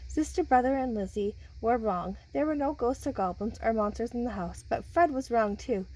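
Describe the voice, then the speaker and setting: Reading a picture book to children, a woman with a slightly high voice keeps a moderate pace and talks with her young listeners in an animated way. The recording sounds rough.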